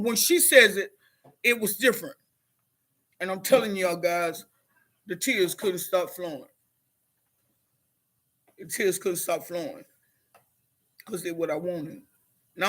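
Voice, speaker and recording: A woman's voice: mid-range voice, pushed and bright. A middle-aged woman and motivational speaker, telling her story on a live stream and speaking straight to viewers in a heartfelt, preachy way. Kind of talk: emotional live-stream testimony.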